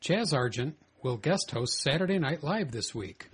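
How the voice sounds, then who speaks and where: A man co-hosting a podcast, trading dry, deadpan jokes in casual chat. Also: a little high, normal speed, slightly rough. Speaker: podcast co-host.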